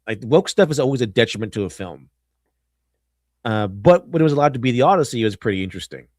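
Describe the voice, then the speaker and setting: Male stream host, mid-pitched, rambling and sarcastic; dry, close sound. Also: dry recording. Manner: rambling, many restarts and fillers. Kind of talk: casual film commentary.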